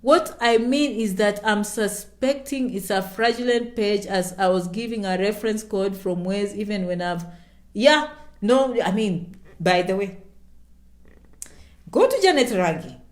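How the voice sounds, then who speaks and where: Animated woman talking in an echoey room. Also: medium pitch, unhurried. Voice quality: animated, emphatic repetition. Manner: chatty, self-promoting, speaks of herself in third person. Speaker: YouTuber answering viewer questions. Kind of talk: casual livestream Q&A.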